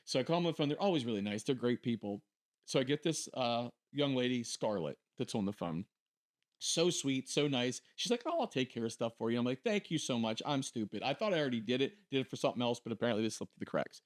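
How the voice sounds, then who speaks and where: Talking fast at mid-range pitch, a man co-hosting a fan podcast swaps stories casually. Whenever he quotes someone, he acts out their voice with animation.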